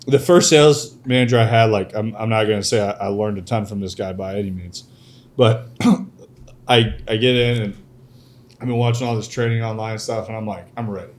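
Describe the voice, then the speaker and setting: A young adult man hosts a podcast, telling animated stories in casual conversation and laughing often. His voice is on the low side, at a moderate pace.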